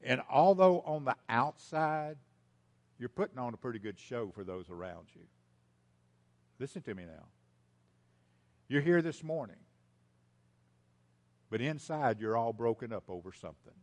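Emphatic preacher man, mid-pitched. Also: big pitch swings, unhurried, pauses often. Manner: emphatic, repeats key lines, swings from loud to hushed; speaks directly to the congregation as folks. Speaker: pastor. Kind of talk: sermon.

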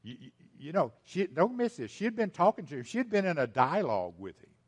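A man preaching a sermon to his congregation, repeating key lines for emphasis and swinging between loud and hushed delivery. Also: on the high side, very animated, fairly quick. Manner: speaks directly to the congregation as folks. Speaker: pastor.

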